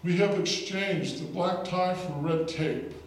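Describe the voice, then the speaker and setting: A man's voice: high voice, fairly even intonation, takes it slowly. A man who is a state legislator, giving an emphatic storytelling speech at a political rally. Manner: storytelling, emphatic, repeats words for effect. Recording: echoey hall, distant mic, faint noise.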